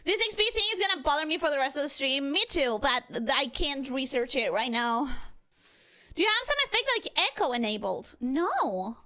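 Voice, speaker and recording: A woman streaming a video game, talking casually and excitably with frequent swearing. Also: high-pitched, normal speed. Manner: excitable, animated, swears freely. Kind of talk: casual game livestream commentary.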